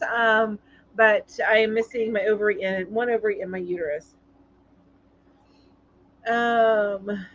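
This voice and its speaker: A woman hosting a casual live-stream chat, reading viewer comments aloud in a chatty, sympathetic way, halting with many ums. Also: on the high side, fairly bright tone, muffled recording. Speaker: live show host.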